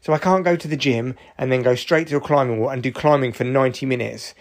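A man's voice: mid-range voice, quick pace. A man in his forties, tired and achy, rambling through a sweary, jokey solo podcast monologue. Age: 40s. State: tired, achy after exercise. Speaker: podcast host.

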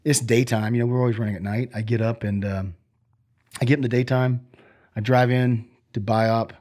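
A man's voice: mid-range voice, fairly even intonation, normal speed, darkish tone. A middle-aged man, a former Army sergeant, telling stories in a casual interview, rambling with many fillers and restarts.

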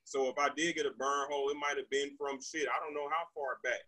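A husky man, pitched a little high, telling a story on a podcast. He talks in an animated, indignant way and swears freely, recorded close and dry. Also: a little fast, dry recording, low-quality recording. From Texas. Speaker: podcast guest, rapper. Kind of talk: casual storytelling.

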